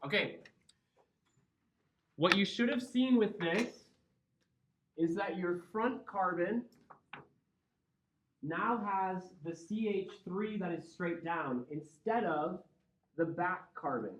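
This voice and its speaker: A Midwestern man with a high, slightly bright voice teaches chemistry slowly, pausing often as he explains step by step and checks in with students. The lecture classroom recording is roomy, dull, and lo-fi, with a little hiss or hum.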